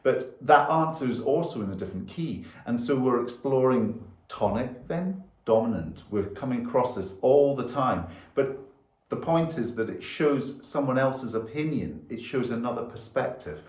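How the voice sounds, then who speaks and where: A man's voice: mid-range voice, expressive, normal speed, darkish tone. Patient male violin teacher, echoey room. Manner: patient, explains step by step while demonstrating. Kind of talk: instructional lesson.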